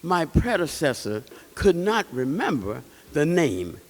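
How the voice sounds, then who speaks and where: A man voicing a gentle old male king who speaks slowly and kindly in a folktale. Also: a little high, big pitch swings, long reverb tail, pitched below the performer's own voice, heavily acted. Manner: slow, kindly.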